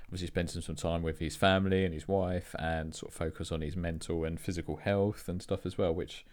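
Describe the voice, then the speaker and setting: An English man with a deep, low voice co-hosts a relaxed podcast chat. He talks in a laid-back, self-deprecating way, often pausing on um and uh. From England. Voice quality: relaxed, self-deprecating, hesitant with many fillers. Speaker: podcast co-host. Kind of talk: casual chat.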